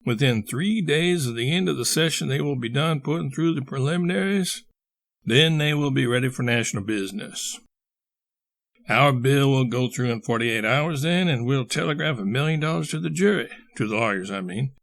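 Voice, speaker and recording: A man doing a booming, bluff old colonel. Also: expressive, normal speed, gravelly, fairly bright tone, dry recording. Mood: excited. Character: exuberant, bluster-prone older male colonel and schemer.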